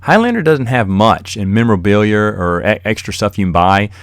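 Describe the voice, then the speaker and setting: Low-voiced man rambling casually. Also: animated, fairly quick, no echo, studio quality. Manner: rambling, chuckles while telling stories. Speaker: podcast host. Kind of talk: casual solo monologue.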